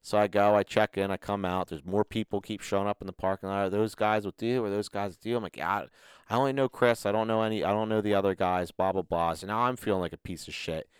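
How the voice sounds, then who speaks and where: A man co-hosting a casual podcast, telling a long story in a profane, animated way. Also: lowish voice, fast talker, smooth, dry recording. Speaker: podcast co-host. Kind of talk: casual chat.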